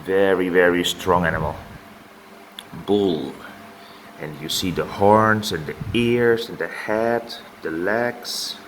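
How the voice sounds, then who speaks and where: Male teacher, lowish voice, very slow and lively, models each word twice for children. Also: a little hiss or hum. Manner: slow, drawn-out word modelling with repeated words. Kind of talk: children's vocabulary lesson.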